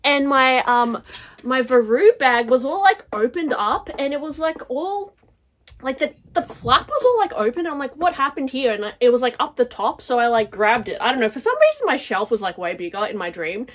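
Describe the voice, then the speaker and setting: Young woman, slightly high-pitched, casual vlog chat, chatty, says "like" a lot. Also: very animated, normal speed. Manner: chatty, fills talk with "like" and "guys". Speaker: handbag vlogger.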